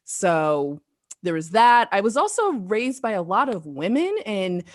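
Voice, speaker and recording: Relaxed, chatty woman on a podcast. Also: mid-range voice, a little slow, dry recording, studio quality. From Colorado, USA. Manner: relaxed and chatty, with frequent laughter and many fillers. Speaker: returning podcast guest, esthetician. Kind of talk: casual podcast conversation.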